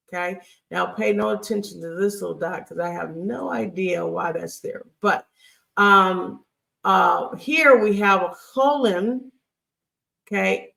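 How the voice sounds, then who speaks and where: Recorded from a distance, a woman with a medium-pitched, creaky, slightly bright voice teaches a Hebrew grammar lesson over slides. She is patient, repeats key points, and fills her speech with fillers and checks like "okay?"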